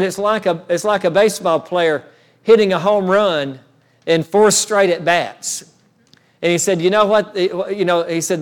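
A male pastor telling a story in a sermon, with frequent restarts that build in intensity. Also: sits high. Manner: storytelling, many restarts, rises in intensity when recounting.

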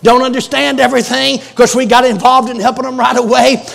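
A fervent preacher man delivering a Pentecostal sermon, often breaking into shouts. His voice sits very high for a man. It has a gravelly, creaky edge. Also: level tone, brisk.

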